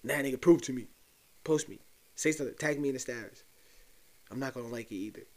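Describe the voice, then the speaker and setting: A young man hosts a casual solo podcast, ranting in a loose, profane, conspiratorial way and addressing his listeners directly. His mid-range voice has a darkish tone and he talks fast. There's a little hiss or hum on the recording.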